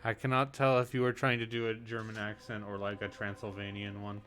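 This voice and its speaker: A man's voice: on the low side, monotone, fairly quick, fairly bright tone. A man streaming a video game, making dry, wry casual remarks. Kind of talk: casual gameplay commentary. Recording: game music playing behind.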